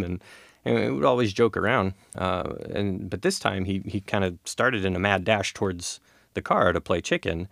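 A man with a low, gravelly voice tells a personal story in a loose, rambling way. He laughs his way through it and is heard close up with no room sound at all. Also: no echo. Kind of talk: casual storytelling.

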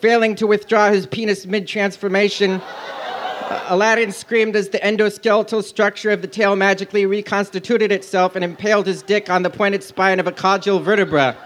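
A man reading his comic fan fiction aloud to a live audience in a deadpan narrating voice. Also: sits high, a little fast, slight background noise.

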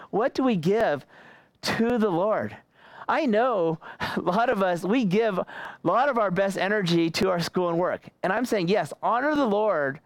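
A man's voice: high-pitched, dry recording. A young man preaching a casual sermon, often repeating words and laughing between phrases.

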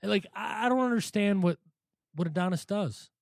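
A man hosting a boxing podcast, ranting in an animated, profane way during casual chat. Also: high voice, fairly quick, vocal fry, dry recording, clean studio sound. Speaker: podcast host.

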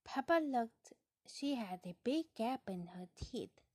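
Slow, hushed woman reading a storybook. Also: a little high, animated, breathy edge, no room sound, clean studio sound. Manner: soft, slow, often dropping into a hush. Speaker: storybook reader. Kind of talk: reading a children's picture book aloud, softly.

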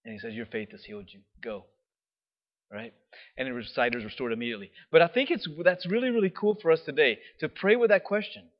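A man preaching a sermon, telling the story with animated emphasis, often asking "right?", and dropping to a soft, slow voice for reflective points. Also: on the high side. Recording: dull lo-fi recording.

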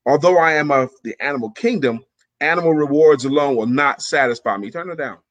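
A man hosting a casual morning chat, upbeat and quick to laugh, who also reads aloud slowly and with emphasis. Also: medium pitch, a bit bright. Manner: upbeat, laughs often, slow emphatic reading. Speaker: host.

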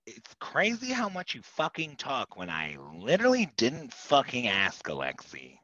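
A man's voice: mid-range voice, wildly swooping pitch, a little slow, pushed and bright, dry recording, heavily acted. Spoiled, foul-mouthed wife, played by a man: sneering and crude, swings up and down a lot; slightly dull, dry audio. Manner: crude, sneering, swears constantly. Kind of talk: comedy sketch acting.

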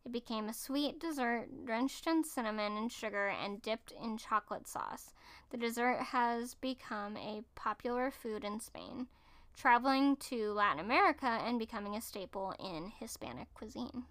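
Bright, chatty woman reading aloud. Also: a little high, normal speed. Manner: chatty, stumbles and self-corrects while reading. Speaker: host reading and commenting. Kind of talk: casual commentary reading from screen.

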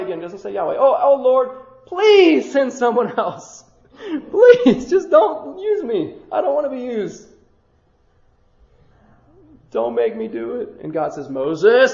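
A male pastor preaching a sermon in an animated way, acting out the dialogue he quotes. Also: high voice, reverberant, highs cut off.

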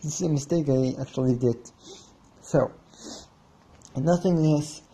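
Slow, husky man telling a story. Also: a little high, mellow. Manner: rambling, restarts, acts out the other side of a haggle. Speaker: podcast host. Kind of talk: casual storytelling monologue.

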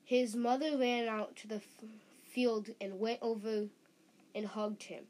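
A woman reading a story aloud slowly and haltingly, stumbling and restarting on words. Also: on the high side, steady tone, a little mellow.

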